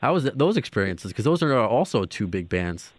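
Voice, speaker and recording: A man from New York hosting a podcast interview, asking questions in a halting way with many restarts. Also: on the low side, no echo. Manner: halting, restarts often, lively. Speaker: podcast host. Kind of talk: casual interview chat.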